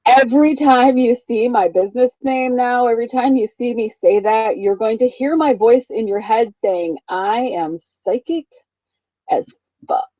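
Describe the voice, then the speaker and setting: Emphatic swearing woman, dark muffled sound. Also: a little high, moderate pace, hardly any pauses, no echo. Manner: emphatic, swears freely, laughs often. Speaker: spiritual coach. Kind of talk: motivational talk to camera.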